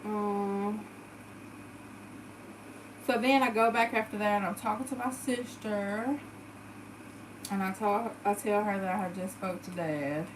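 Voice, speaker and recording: A woman's voice: mid-range voice, unhurried, long pauses, a little hiss or hum, low-quality recording. A woman with a Southern US accent chatting to her followers, emotional and full of fillers. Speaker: vlogger. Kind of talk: casual storytelling to followers.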